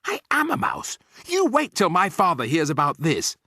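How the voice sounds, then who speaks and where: A man voicing a loud-mouthed, greedy, spoiled boy who has just been turned into a mouse, and who shouts in indignation. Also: high voice, huge pitch swings, normal speed, slightly rough, dry recording, studio quality, voice pushed up, heavily acted. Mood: outraged.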